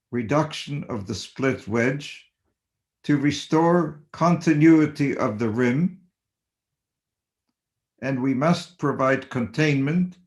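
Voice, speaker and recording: Slow, deliberate older male surgeon lecturing. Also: mid-range voice. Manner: measured, deliberate, emphatic on principles. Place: home or office on webinar.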